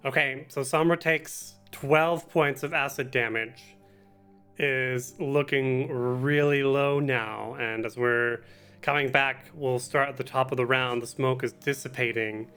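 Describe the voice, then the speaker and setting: Brief: male game master for a tabletop actual play; even, mid-pitched voice, steady rules explanations. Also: a little slow, clean tone, faint music behind. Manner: explains rules and reads them aloud.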